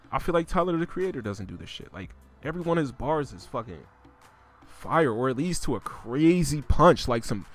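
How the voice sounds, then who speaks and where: A man casually ranting on his own channel, swearing freely and using slang, his voice climbing higher and louder as he gets worked up. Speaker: host reviewing rap lyrics. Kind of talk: casual rant.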